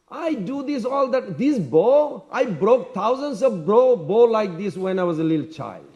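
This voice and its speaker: A man playing a shouting, defiant young prince. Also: a little high. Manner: shouting, challenging.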